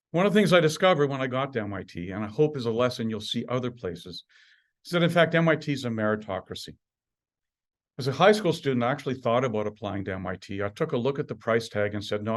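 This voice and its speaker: A man in his sixties from Canada, a university administrator giving an alumni talk with wry humor and lively emphasis. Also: mid-range voice. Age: 60s. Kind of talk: prepared talk.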